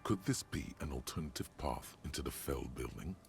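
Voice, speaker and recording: An actor voicing the narrator of a detective video game, speaking in a deep, gravelly, measured way. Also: male voice, animated, full character voice. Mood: ominous. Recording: voice over game music.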